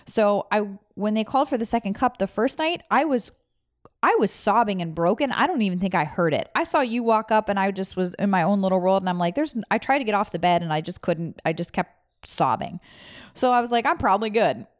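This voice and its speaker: A woman, a former veterinarian, earnestly retelling a deeply emotional personal experience in casual chat, full of restarts and rambling. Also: expressive, brisk, no echo, studio quality.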